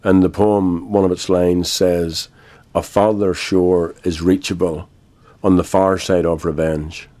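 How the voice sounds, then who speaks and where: An older Irish man, a guest in a radio interview, speaking in a measured, grave way with frequent pauses. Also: low-pitched, little pitch movement, warm tone. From Ireland.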